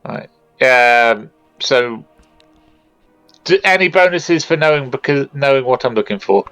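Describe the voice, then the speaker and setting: A man playing a tabletop game, chatty and quick to laugh. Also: medium pitch, expressive, fairly bright tone, clear, resonant tone, faint music behind. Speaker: player. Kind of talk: casual tabletop play.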